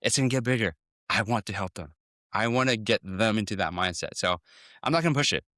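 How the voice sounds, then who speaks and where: Guest dentist, male: deep, crisp and forceful, rattles on with restarts. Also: lively intonation, dry recording, clean studio sound. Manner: fast, full of restarts, acts out patient talks. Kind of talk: casual podcast interview.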